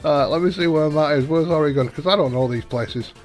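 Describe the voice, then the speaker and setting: A man's voice: a little high, brisk, soft background music. A man casually chatting and joking while live-streaming a truck game, often muttering to himself. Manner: jokey, chuckling, muttering to himself.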